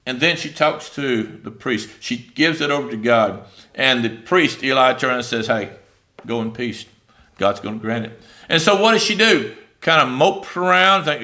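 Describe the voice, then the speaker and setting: A man preaching a sermon in a conversational, animated way, with many fillers, reading scripture aloud and paraphrasing it. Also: mid-range voice, moderate pace.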